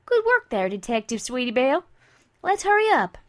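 A woman's voice: high-pitched, sing-song, normal speed, voice pushed up. A woman voicing a plain-spoken country filly pony with a folksy manner in a storybook reading. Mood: cheering.

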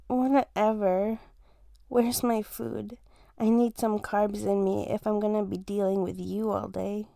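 Slow, gravelly young woman teasing. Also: medium pitch, little pitch movement, dark tone, no room sound. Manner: teasing, playful, laughs often, swears casually. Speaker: fiancée in a listener role-play. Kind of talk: casual romantic role-play audio.

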